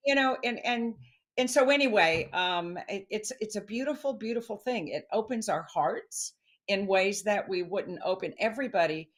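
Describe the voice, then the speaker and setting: A middle-aged woman, a guest expert on stress, chatting in an interview and telling stories with animated quoted voices. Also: medium pitch, moderate pace. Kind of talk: casual interview chat.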